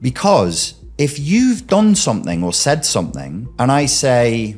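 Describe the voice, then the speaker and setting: Emphatic man with a lively voice. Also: medium pitch, unhurried, few pauses, soft background music. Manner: emphatic, rhetorical, questions the listener directly. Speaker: commentary host. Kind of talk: argumentative commentary.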